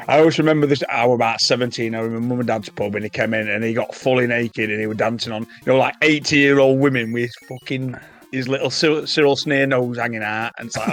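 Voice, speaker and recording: A man's voice: medium pitch, a bit bright. A man, co-hosting a podcast and telling crude stories in casual chat. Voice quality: brisk, profane, laughing storyteller. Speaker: podcast co-host.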